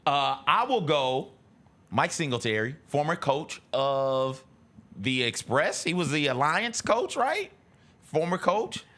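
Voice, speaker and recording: A man's voice: fairly high pitch, takes it slowly. A man co-hosting a sports talk show, chatting casually and laughing as he retells famous rants. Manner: animated, laughing, acts out quoted rants loudly. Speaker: sports radio co-host.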